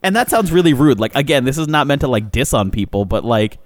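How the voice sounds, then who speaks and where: A podcast co-host tells a funny story in casual chat, laughing often and acting out what people said. He talks fast in a medium-pitched voice, and there's no echo at all.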